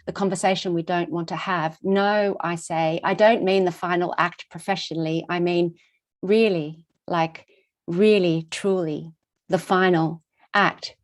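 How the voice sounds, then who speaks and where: Speaking lowish and a little slowly, a middle-aged conference speaker recounts a personal experience. Her telling is expressive and rhythmic, leaning heavily on repetition.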